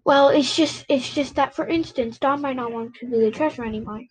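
A woman's voice: high voice, breathy edge, rough recording. Shy apologetic teen girl, stops and restarts a lot, woman reading it out. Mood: timid. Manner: hesitant, halting. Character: timid, apologetic teenage girl. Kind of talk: reading a novel aloud.

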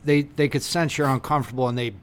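A man's voice: medium pitch, fairly even intonation, fast, clear, resonant tone. A man co-hosting a casual podcast, ranting heatedly and swearing a lot, acting out little exchanges in raised voices. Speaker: podcast co-host.

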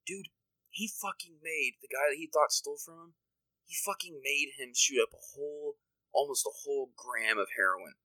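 A man's voice: fairly high pitch, normal speed, sharp tone, dry recording, poor audio. A young man telling rambling, profane stories in casual chat.

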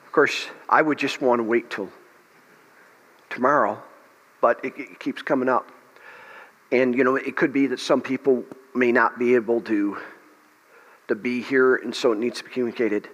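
A man's voice: mid-range voice, steady tone, normal speed, long pauses, a bit bright. A man pastor leading a revival meeting, praying aloud and preaching with passion, often restarting his phrases. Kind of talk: revival meeting sermon and prayer. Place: church meeting hall. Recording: long hall reverb.

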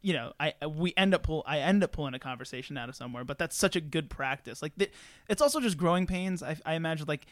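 A man hosting his own new podcast, excitable and swearing, laughing often in casual chat. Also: on the high side, fast, no echo, studio quality. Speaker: podcast host. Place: studio.

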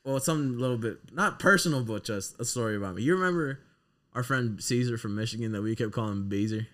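A young man co-hosting a casual podcast, telling stories in an animated way, swearing and breaking into loud laughter. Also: medium pitch, fast talker. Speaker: podcast co-host.

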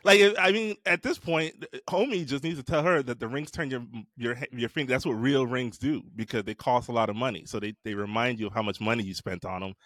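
A man co-hosting a podcast, ranting and joking loudly with lots of swearing. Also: medium pitch, brisk, hardly any pauses, no room sound, studio quality. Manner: loud, profane, joking rants. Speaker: podcast co-host. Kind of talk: casual podcast chat.

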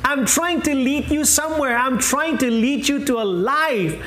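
A preacher voicing Jesus as he gently scolds his fearful followers, in a pleading, exasperated tone. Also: medium pitch, sing-song, takes it slowly, a little hiss or hum, pitched below the performer's own voice. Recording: echoey room.

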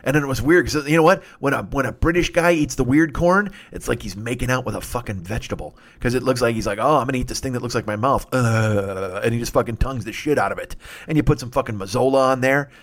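Speaking fast in a mid-range voice, a man hosts a comedy podcast, launching into an improvised, profanity-laced rant and putting on silly voices.

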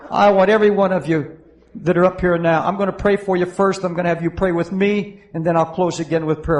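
Male pastor, fervent pleading sermon, high voice, in church. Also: poor audio. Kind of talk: sermon with altar-call prayer. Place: church in front of a congregation.

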